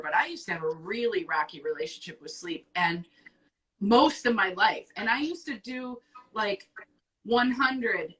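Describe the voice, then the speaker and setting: Blunt, swearing woman with a bright voice. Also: on the high side, distant mic, rough recording. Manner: blunt, profane, animated. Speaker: advice show host. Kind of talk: casual advice chat.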